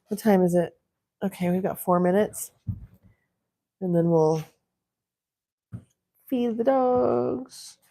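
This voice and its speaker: A woman hosting a casual livestream from home, chatting in a relaxed way and talking to her dogs now and then. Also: on the low side, unhurried, long pauses. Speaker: livestream host. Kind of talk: casual live-stream chat.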